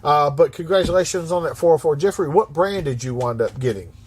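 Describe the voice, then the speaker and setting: A man in his fifties hosting a livestream, reading chat aloud and answering in a blunt, profane, animated way. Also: on the high side, a little fast, breathy edge. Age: 50s.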